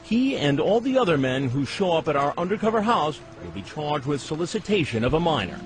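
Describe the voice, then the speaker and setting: Lively higher-voiced male news narrator. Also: a little fast. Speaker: documentary narrator. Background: clear music.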